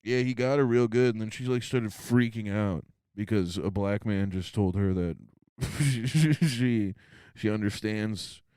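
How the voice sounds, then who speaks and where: A man's voice: lowish voice, measured pace, warm tone, clean tone, dry recording, studio quality. A man co-hosting a podcast in casual comedic banter. He is laid-back, says "dude" a lot and laughs often. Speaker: podcast co-host.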